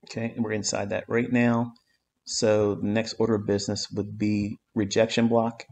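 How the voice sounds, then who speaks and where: A man's voice: fairly low pitch, level tone, normal speed, a little mellow. A man giving a live-streamed trading lesson, talking bluntly and emphatically, swearing often and repeating his points. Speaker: trading mentor.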